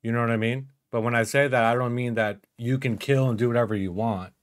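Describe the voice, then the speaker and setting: A man's voice: medium pitch, fairly even intonation, fast. A man hosting an online panel discussion, talking bluntly and rambling with many fillers. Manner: blunt, rambling, lots of "like" and "you know what I mean".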